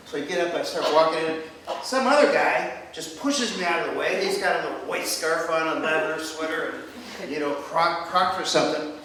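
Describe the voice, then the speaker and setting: A man's voice: on the high side, a little fast, a little hiss or hum. An older American man, a retired doctor, telling a story in a stand-up routine at a live venue, with audience laughter behind. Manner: storytelling, animated. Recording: echoey, from a distance.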